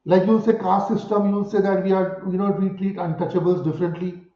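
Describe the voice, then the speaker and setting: A man with an Indian English accent answering an interview in an impassioned way, driving his points home with rhetorical questions and forceful peaks. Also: high voice, little pitch movement, a little fast, reverberant, lo-fi sound. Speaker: spiritual guru interviewed about cow protection.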